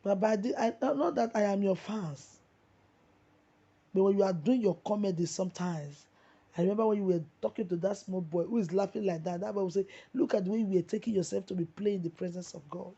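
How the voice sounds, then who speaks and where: A Nigerian woman preaches with fervor, circling back to the same phrases again and again. Her voice is dark and very husky. The recording is dull and muffled. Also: mid-range voice, a little fast. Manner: impassioned, repetitive, preachy. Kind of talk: preaching monologue.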